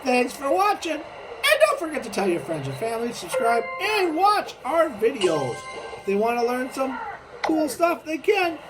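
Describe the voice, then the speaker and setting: Host: a chatty woman with a high, lively voice signing off a toy-play video, music under it. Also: moderate pace. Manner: chatty, playful. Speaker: channel host.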